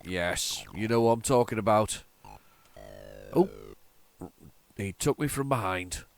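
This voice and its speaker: A man's voice: fairly low pitch, expressive, takes it slowly, slight background noise. A congested man hosting a retro gaming show, giving rambling, chatty commentary with lots of restarts and repeated words. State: congested, stuffy nose. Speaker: retro gaming channel host. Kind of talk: casual gameplay commentary.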